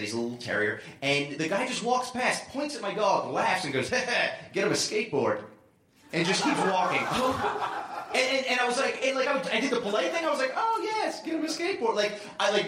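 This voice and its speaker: A man's voice: on the high side, sharp tone, roomy sound. A man telling a story on stage as a comedy guest, stammering and self-deprecating.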